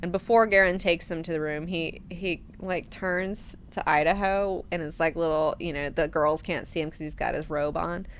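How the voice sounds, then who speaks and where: A woman hosting a book club, recapping chapters in a casual, animated, profane way. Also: lowish voice, moderate pace, hardly any pauses, a little hiss or hum.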